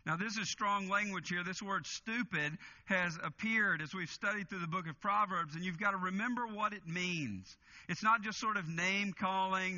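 Bright-voiced pastor preaching, lo-fi. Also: male voice, high voice. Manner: earnest, slows and stresses key phrases. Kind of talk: expository sermon.

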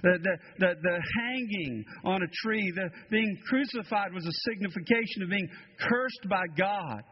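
A man's voice: sits high, moderate pace, a little hiss or hum. A man preaching an expository sermon as pastor, with emphatic repeated phrases that rise and fall. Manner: preaching with rising emphatic cadence and repetition. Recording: dull lo-fi sermon recording.

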